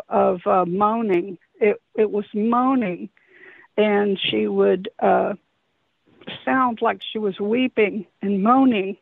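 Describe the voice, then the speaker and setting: A woman's voice: medium pitch, gravelly, dry recording. A woman calling in to tell a long story, hesitant and rambling with many restarts, heard over a telephone. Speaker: caller recounting an encounter. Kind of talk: phone-in storytelling. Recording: tinny dry phone line.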